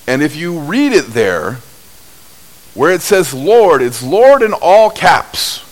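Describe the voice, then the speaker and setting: A man preaching a sermon, telling stories at an unhurried pace with big swings in pitch and loudness. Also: very animated, poor audio. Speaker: pastor.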